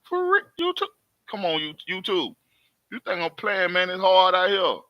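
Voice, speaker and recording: A man's voice: high-pitched, big pitch swings, moderate pace, no room sound, muffled recording. A man hosting his own live stream, talking emphatically and repetitively in casual street talk to his viewers from home. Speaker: host.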